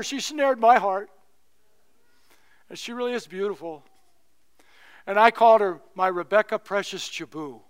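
Middle-aged pastor guy preaching, high smooth voice, chatty funny storytelling. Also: fairly bright tone. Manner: conversational storytelling with humor. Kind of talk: sermon.

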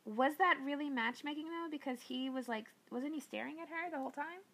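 A woman's voice: high-pitched, a little fast, a bit bright. A woman co-hosting a casual movie podcast, teasing her co-host and laughing often. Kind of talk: casual chat about movies.

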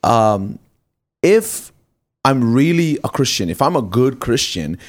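A man, a pastor hosting a faith talk show, asking long wandering questions and talking through ideas with a gentle, pastoral tone. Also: mid-range voice, sing-song, slow pace. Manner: rambling, restarts questions, many fillers. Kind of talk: conversational interview on faith.

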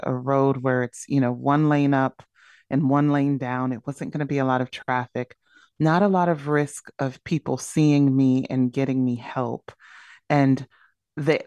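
A woman's voice: extremely low pitch, a little mellow, no room sound. A woman speaking as a podcast guest, candidly and reflectively telling a personal story. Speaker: podcast guest, burnout coach.

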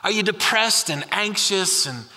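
Bright, high-voiced man preaching in a hall. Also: animated. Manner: conversational, repeats questions, slows down for emphasis. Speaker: pastor. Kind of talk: sermon. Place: large church hall. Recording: long reverb of a large hall.

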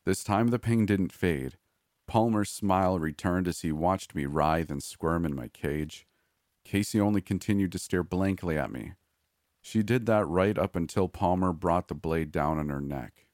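Man, horror story narrator, measured, grim, deep low voice, dry recording. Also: darkish tone, dry recording.

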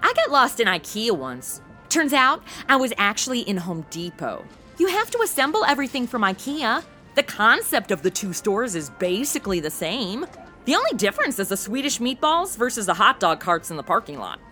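A woman's voice: a little high, big pitch swings, moderate pace, bright, forceful tone, soft background music. A woman giving sassy, wisecracking comedic commentary as a co-host. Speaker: comic co-host.

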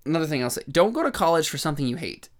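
A young man chatting casually as a podcast co-host, his pitch swinging up and down in a lively way. He rambles, restarting sentences as he works through his thoughts. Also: rapid-fire. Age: young adult. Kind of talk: casual chat.

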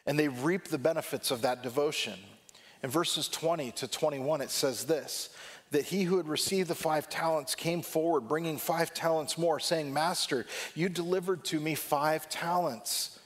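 A man delivers a sermon in a somewhat high voice. He is reflective and emphatic, and he slows right down on the lines he wants to land. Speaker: preacher.

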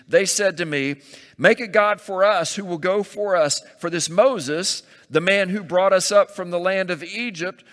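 A man's voice: fairly high pitch, fairly bright tone, long reverb tail. A man preaching a sermon, reading scripture aloud and breaking off to comment with asides and jokes. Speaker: pastor.

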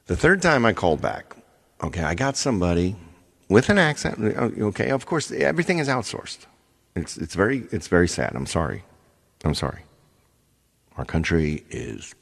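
A man's voice: low voice, breathy edge, in a large hall. A man hosting a live stream, chatting casually with viewers and telling a long, ranting story. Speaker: live stream host and singer.

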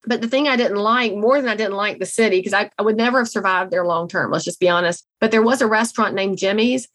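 A woman's voice: mid-range voice, quick pace, a bit bright. A middle-aged woman with a Southern US accent, a guest on an interview show, telling blunt, folksy stories with self-deprecating humor. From American South. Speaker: guest, real estate CEO. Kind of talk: conversational interview storytelling.

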